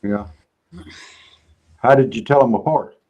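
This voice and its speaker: A man's voice: mid-range voice, unhurried, darkish tone, muffled recording. A man hosting a casual chat show, joking in a folksy, drawling way. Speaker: show host.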